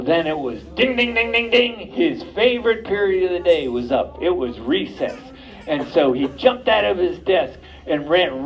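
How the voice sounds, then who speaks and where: Animated male storyteller for little kids. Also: high-pitched, dull audio. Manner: animated, invites children to join in. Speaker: puppeteer storyteller. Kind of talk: storytelling to preschoolers. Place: library program room.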